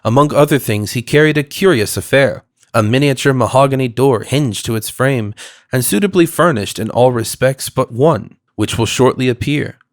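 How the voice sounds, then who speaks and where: A man narrating a classic audiobook in a measured, steady manner. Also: medium pitch, dry recording, clean studio sound. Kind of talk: scripted narration.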